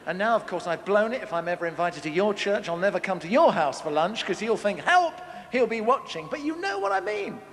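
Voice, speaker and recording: Talking fairly quickly with hardly any pauses, a middle-aged man entertains a live audience with a funny talk about family at a conference, jumping his pitch widely as he plays scolding parents. A big hall's long reverb and a little hiss or hum color the recording.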